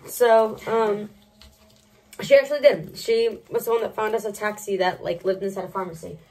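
A woman's voice: medium pitch, steady tone, moderate pace, a little mellow. A young woman vlogging outdoors in cold weather, chatty and self-mocking, shivering as she complains about the cold. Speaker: travel vlogger. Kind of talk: casual vlog chat.

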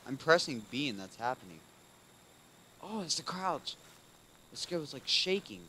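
A man hosting a gaming video, commenting casually as he plays, calling out "dude" often and swinging between muttering and loud frustrated outbursts. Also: a little high, very animated, moderate pace, slight background noise, rough recording. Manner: casual, keeps saying "dude". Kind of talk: let's play commentary.

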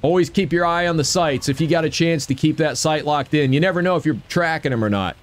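A man's voice: fairly high pitch, quick pace. A man giving upbeat gameplay commentary and cheering on his own shots. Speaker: gaming video creator.

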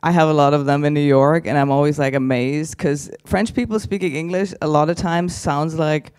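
A man working the crowd at a conference, brash and mocking, with a fairly high voice and a loose, profane delivery. He speaks into a handheld mic on stage. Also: steady tone, moderate pace, a little mellow, clear, resonant tone. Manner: brash, teasing, swears freely. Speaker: stand-up comedian. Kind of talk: stand-up crowd work. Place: conference stage before a live audience.

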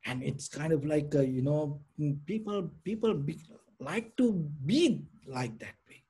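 Soft, husky-voiced man teaching meditation. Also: a little high, expressive, a little slow. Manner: rambling, many restarts and "you know" fillers. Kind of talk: informal dharma talk.

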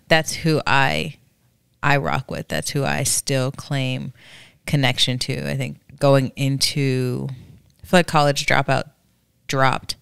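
A woman's voice: deep voice, gravelly, clean tone, no echo, clean studio sound. A woman co-hosting a podcast, chatting casually and rambling through her stories. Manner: rambling, animated storytelling. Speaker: podcast co-host. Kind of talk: casual chat.

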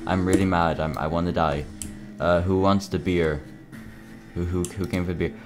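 A young man with a very low voice, mumbling through casual gameplay commentary. He stops and restarts often and talks quietly to himself, with loud game music behind him. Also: steady tone. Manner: mumbly, halting, lots of fillers. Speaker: gaming video creator.

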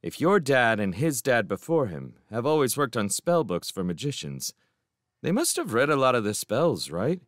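A man voicing a grumpy, sharp-tongued teenage girl in a storybook reading, curt and sceptical. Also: medium pitch, very animated, normal speed, no echo, clean studio sound, close to an everyday voice.

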